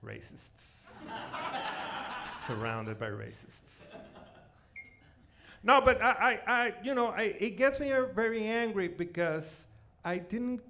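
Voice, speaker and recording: A man in his forties from Venezuela with a Spanish accent, performing a self-mocking stand-up set on a theater stage, loud one moment and muttering the next. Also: very high voice, moderate pace, few pauses, slight background noise. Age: 40s. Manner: animated, self-mocking, swings between loud outbursts and mutters. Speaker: stand-up comedian.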